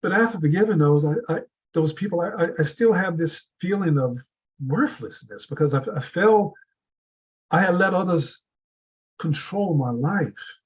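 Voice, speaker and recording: Husky-voiced man giving a motivational speech. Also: on the high side, normal speed, rough recording. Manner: earnest, builds with repeated rhetorical questions. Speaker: speaker at a public speaking club meeting.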